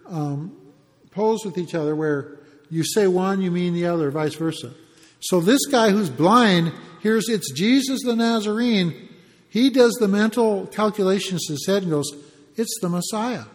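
A man's voice: sits high, a little mellow, big-room sound. A man preaching a conversational Bible teaching sermon, explaining a passage with frequent restarts.

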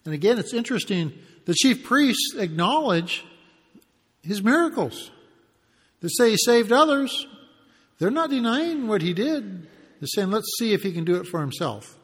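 High-voiced man preaching in a reverberant hall. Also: animated, moderate pace, fairly bright tone, husky. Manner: conversational, acts out the mockers' taunts in asides. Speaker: pastor. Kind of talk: expository sermon.

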